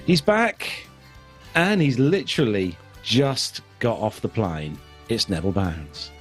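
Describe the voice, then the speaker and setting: A man's voice: on the low side, very animated, measured pace, soft background music. A man from the United Kingdom hosting a podcast in casual chat, telling rambling anecdotes. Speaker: podcast host.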